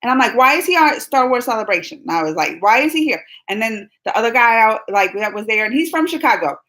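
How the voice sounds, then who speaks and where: A young woman with a slightly high voice tells a story to her live chat in a lively, casual way. She acts out what people said, jumping up into squeals and dropping back down to a hushed aside. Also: fast, poor audio. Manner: animated, breathless retelling with quoted dialogue and squeals. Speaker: livestream host.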